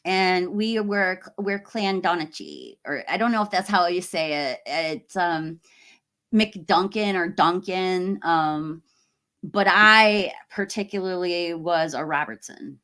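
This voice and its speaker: A woman from the United States hosts a laid-back livestream at a slow pace, her voice lowish and a bit bright. She chats with viewers and reads their comments, warm and full of fillers and soft laughs.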